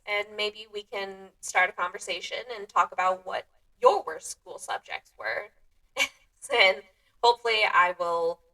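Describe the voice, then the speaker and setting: A woman hosts her own podcast in a casual solo chat, her medium-pitched voice pushed and bright. She's self-deprecating and often laughs at herself, sounding a bit distant from the mic.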